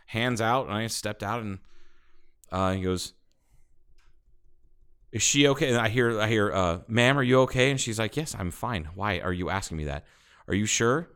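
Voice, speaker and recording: Low, smooth-voiced man telling a story. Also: moderate pace. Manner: animated, swearing, laughing storyteller. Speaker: podcast co-host. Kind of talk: casual storytelling chat.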